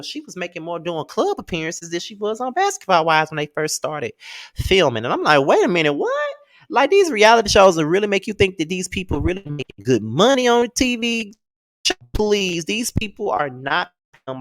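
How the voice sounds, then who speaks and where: Sassy, animated man recapping reality TV. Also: fairly high pitch, no echo, clean studio sound. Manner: sassy, blunt and profane, with exasperated outbursts. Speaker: TV recap host.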